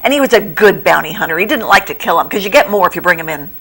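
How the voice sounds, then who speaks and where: A middle-aged woman who runs a bookstore, chatting as a guest in a local TV studio interview, animated and quick to laugh as she retells plots. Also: breathy edge, poor audio. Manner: acts out quoted lines in a higher voice. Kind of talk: casual TV interview chat.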